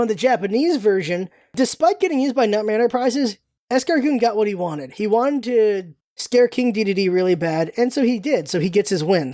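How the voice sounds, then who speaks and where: A woman hosting a podcast, recapping a cartoon episode in casual, animated talk and quoting characters lightly. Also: medium pitch, no echo, clean studio sound.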